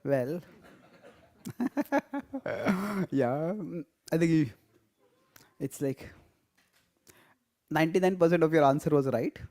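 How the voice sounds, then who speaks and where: A man's voice: fairly high pitch, slow pace, long pauses, warm tone. A man teaching a live class on scripture, explaining step by step, stressing key words and laughing often. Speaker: spiritual teacher.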